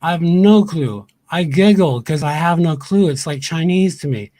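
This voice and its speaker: Angry, profane male livestreamer, higher-voiced. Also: normal speed, dark tone, dry recording. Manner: angry, profane, repeats himself. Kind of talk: heated livestream rant.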